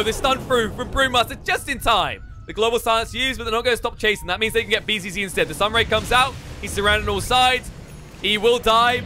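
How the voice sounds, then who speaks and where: A man casting a live video game match with rapid, excitable play-by-play. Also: extremely high pitch. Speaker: esports caster.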